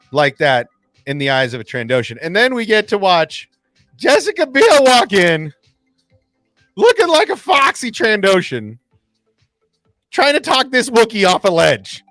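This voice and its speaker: A man hosting a fan channel, recapping an episode in casual livestream chat, excitable and acting out lines in voices. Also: high-pitched, no echo. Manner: excitable, acts out quotes in voices.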